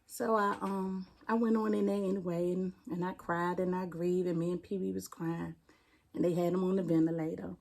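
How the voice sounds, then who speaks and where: Mellow-voiced D.C. woman recounting her loss. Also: fairly low pitch, flat delivery, gravelly. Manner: plainspoken, halting, retelling a painful loss. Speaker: interview guest, firefighter. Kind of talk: personal storytelling in an interview.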